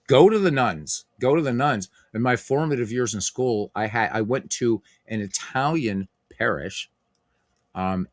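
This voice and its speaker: Recorded cleanly in a studio with no echo, a fairly low-pitched middle-aged man runs a stream where he calls a tabletop baseball game. He talks loosely with lots of fillers, picking up viewer comments to read and respond to.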